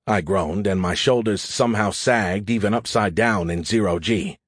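A man's voice: lowish voice, moderate pace, hardly any pauses, breathy edge, no room sound, studio quality. A man narrating a first-person audiobook in a wry, self-deprecating way.

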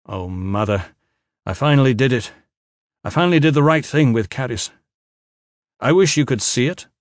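A man voicing a weary, guarded lord who speaks quietly with dry humor in an audiobook. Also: medium pitch, moderate pace, no room sound, voice pushed up, lightly acted. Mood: wry. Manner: quiet, wry.

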